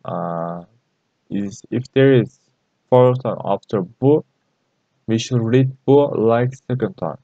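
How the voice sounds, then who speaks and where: A man gives a language lesson at a slow, careful pace. He repeats each phrase and fills the pauses with hesitant fillers. The recording is dry and dull, lo-fi with little room sound. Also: mid-range voice, dark tone, no echo. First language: Turkish. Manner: halting and repetitive, many fillers. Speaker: Chinese language teacher.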